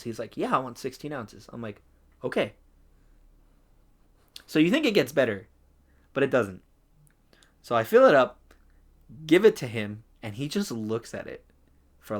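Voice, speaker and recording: A young man on a casual podcast, telling a work story in lively fashion and acting out the customers' lines in quoted voices. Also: medium pitch. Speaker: podcast co-host.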